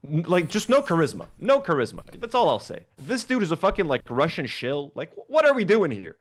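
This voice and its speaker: Brief: casual male streamer, lively pitch, loose and profane. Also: fairly quick. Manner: animated, swearing, lots of fillers. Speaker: livestream co-host. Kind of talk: casual reaction stream chat.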